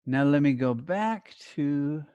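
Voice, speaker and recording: A middle-aged man teaching a class over a video call, giving clear, deliberate instructions and stressing key words. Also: on the high side, animated, mellow, no room sound, lo-fi sound.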